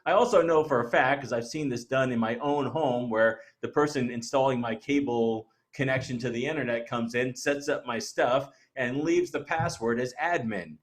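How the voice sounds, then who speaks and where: A man's voice: mid-range voice, moderate pace, hardly any pauses. A man presenting a webinar in a conversational, emphatic way, often asking the listeners rhetorical questions.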